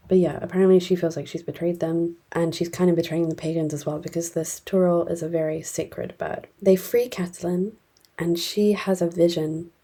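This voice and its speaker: A woman's voice: fairly low pitch, vocal fry, mellow, husky. A woman casually recapping a novel she read, rambling with lots of fillers and the odd whispered aside. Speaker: book reviewer.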